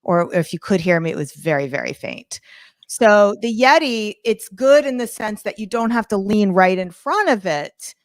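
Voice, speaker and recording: Lively intonation marks this woman's mid-range voice, delivered at normal speed with no echo. She's an online art course instructor leading a live class, chatty and informal, with jokey asides about the studio microphone setup in her home.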